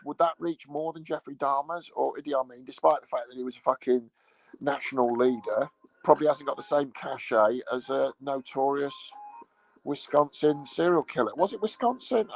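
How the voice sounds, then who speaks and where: A man's voice: mid-range voice, moderate pace, creaky, poor audio. A man ranting casually in a rambling, sweary, mocking way. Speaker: vlogger. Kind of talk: casual profane rant.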